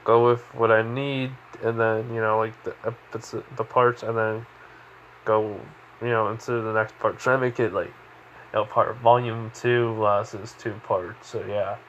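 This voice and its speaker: A man's voice: on the low side, level tone, moderate pace, a bit bright, muffled recording, slight background noise. A sleepy man casually retelling a fan story, rambling with lots of fillers.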